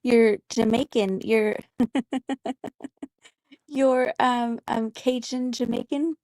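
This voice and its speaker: A woman's voice: on the high side, steady tone, drawn-out words, darkish tone, dry recording, poor audio. A woman co-hosting a casual stream, chiming in from off the mic with short teasing remarks. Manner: short, teasing interjections, often laughing. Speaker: co-host. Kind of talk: casual live-stream chat.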